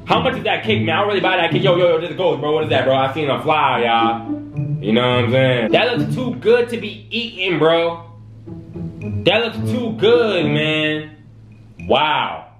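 A man casually reacting to videos for his viewers, excitable and slangy, often drawn-out in his amazement. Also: fairly high pitch, vocal fry. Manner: excitable, slangy, talks to viewers, lots of "bro" and "wow". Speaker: YouTube reaction host. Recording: echoey room with music behind.

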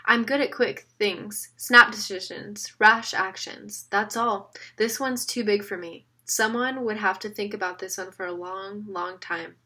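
A woman's voice: mid-range voice, fairly even intonation, measured pace, few pauses, bright, forceful tone, breathy edge. A woman reading the lines of a teenage boy who sounds hesitant but stubborn. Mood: unsure. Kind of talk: audiobook reading.

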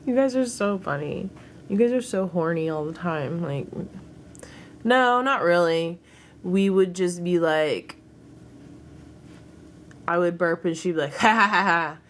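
A young American woman livestreams, reading viewer comments in a slightly low voice with an unhurried drawl. She teases her chat and answers back, laughing often, with a faint hiss of noise behind her in this casual comment-reading session.

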